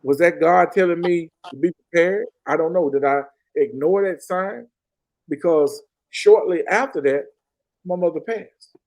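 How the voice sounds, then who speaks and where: A man's voice: a little high, measured pace, gravelly, darkish tone, rough recording. A middle-aged man from Arkansas, a former police detective earnestly telling a personal story and repeating phrases for emphasis. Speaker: podcast guest.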